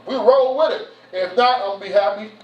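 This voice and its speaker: A man's voice: high-pitched, brisk. A man speaking as a church elder in an informal, folksy address, repeating himself and saying "you know" and "man" often. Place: church hall. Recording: roomy, distant, dull sound.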